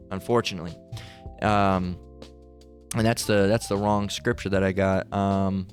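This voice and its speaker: A man delivers a heated preaching monologue, fiery and insistent. He trips over his words and restarts again and again. Faint music plays underneath. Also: fairly low pitch. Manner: fiery, repetitive, with many restarts.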